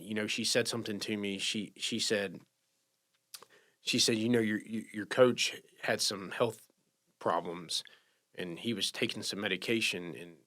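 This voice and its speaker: Low-voiced man telling a story. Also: pushed and bright. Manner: emotional, halting, many restarts. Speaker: podcast guest sharing recovery story. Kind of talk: casual storytelling.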